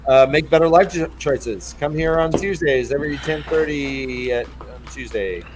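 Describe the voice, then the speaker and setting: A man with a fairly high speaking voice hosts a podcast in loose, casual chat. He rambles, restarts his sentences and throws in crude jokes as he talks through the story. His tone stays relaxed and conversational. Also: normal speed, background noise. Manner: rambling and joking, with crude humor. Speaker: podcast host. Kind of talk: casual book discussion chat.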